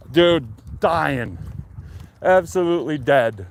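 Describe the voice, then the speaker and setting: A man in his forties on a casual live stream, chatting in a relaxed, rambling and enthusiastic way. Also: on the high side, unhurried. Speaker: livestream host. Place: outdoors on a neighborhood street. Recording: faint outdoor street noise.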